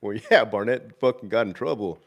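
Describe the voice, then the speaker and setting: A man in his thirties with a somewhat low voice, trading army stories in casual chat. He swears freely, cracks jokes and laughs a lot. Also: fairly quick, gravelly. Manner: profane, joking, laughs a lot. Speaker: army veteran podcast co-host.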